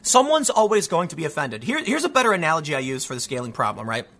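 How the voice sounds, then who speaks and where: Animated high-voiced male commentator. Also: fast, vocal fry. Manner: emphatic, animated, acts out quoted voices. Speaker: online commentary host. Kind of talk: opinionated solo commentary.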